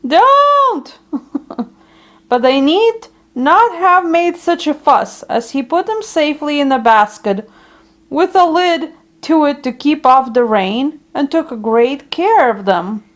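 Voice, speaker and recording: A woman reading a children's storybook aloud in a gentle, unhurried way. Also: high voice, expressive.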